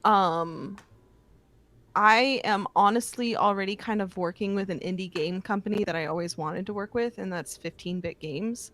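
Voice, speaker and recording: A woman's voice: mid-range voice, normal speed, fairly bright tone. A woman guest on an interview, a voice actor, easygoing and enthusiastic, laughing often. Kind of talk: casual online interview.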